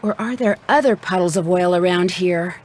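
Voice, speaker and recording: A woman's voice: on the low side, moderate pace, a little hiss or hum, lightly acted. A woman voicing a curious young detective. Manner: inquisitive, thinking aloud. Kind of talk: video game voice acting.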